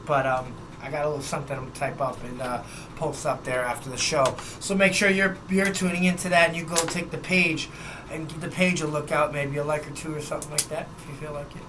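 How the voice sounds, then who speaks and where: A man's voice: on the high side, fairly even intonation, fast talker, background noise. A young man hosting a sports podcast, running through scores and news in a loose, chatty way with some swearing. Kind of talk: casual sports news rundown.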